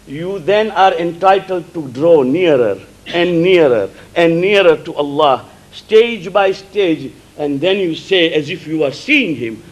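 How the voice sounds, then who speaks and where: A man with a high voice delivers a sermon. His first language is Gujarati, and he speaks emphatically, slowing down to repeat and explain key words. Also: fairly bright tone, rough recording. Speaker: religious preacher.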